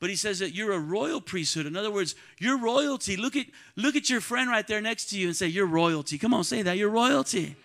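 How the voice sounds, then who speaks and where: High, bright-voiced preaching man. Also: expressive, a little fast, creaky, hardly any pauses. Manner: call-and-response preaching, swings from quiet to shouting. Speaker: pastor. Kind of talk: sermon. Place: church sanctuary.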